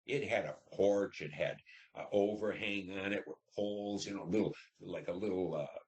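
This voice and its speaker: In a deep, somewhat mellow voice at an ordinary pace, a man in his seventies shares his wartime memories as an oral history. He wanders through them bluntly, swears freely, and often starts his sentences over.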